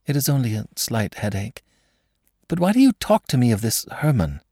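A man's voice: medium pitch, sing-song, normal speed, dark tone, slightly rough, no room sound, studio quality, voice pushed up. A man voicing a frightened young woman.

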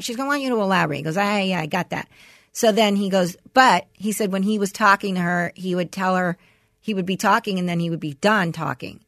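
A woman's voice: medium pitch, fairly bright tone, no room sound. Middle aged woman chatting on a podcast, rambly storyteller, lots of you knows, dry close mic. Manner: rambling storyteller, many "you know" fillers, acts out quotes. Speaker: podcast co-host. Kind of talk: casual chat.

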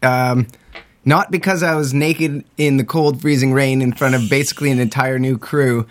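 Actor guy on a talk show, relaxed, lots of ums. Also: mid-range voice, moderate pace. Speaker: guest actor. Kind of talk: casual interview.

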